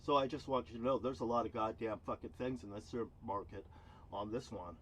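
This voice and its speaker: A man's voice: steady tone, fairly quick, slight background noise. Angry man ranting, heavy swearing. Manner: heated, swearing constantly, swinging between loud outbursts and low muttering. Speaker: vlogger. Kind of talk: angry profane rant to camera. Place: outdoors near a cruise ship terminal.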